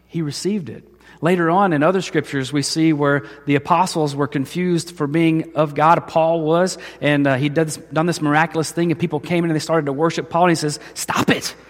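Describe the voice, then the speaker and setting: A man's voice: on the high side, steady tone, a little fast. Preaching man in a reverberant hall. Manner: storytelling, acts out voices in quotes. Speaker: pastor. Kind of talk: sermon.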